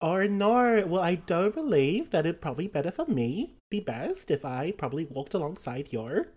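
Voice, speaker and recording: A woman's voice: on the low side, sing-song, moderate pace, darkish tone, husky. A woman voicing a courteous adventurer in a tabletop game, with formal, old-fashioned phrasing. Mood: polite.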